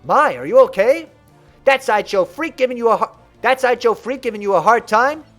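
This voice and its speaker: Brash loyal teen boy voiced by a man, heated, high pitch. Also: lively intonation, a little fast, fairly bright tone, soft background music.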